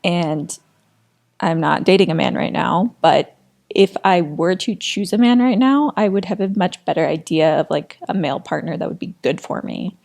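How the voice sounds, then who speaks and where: A woman's voice: fairly low pitch, expressive, normal speed, vocal fry, a little mellow. A woman in her late twenties co-hosting a podcast, talking candidly in casual chat, with lots of "like" fillers and frank swearing. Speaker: podcast co-host.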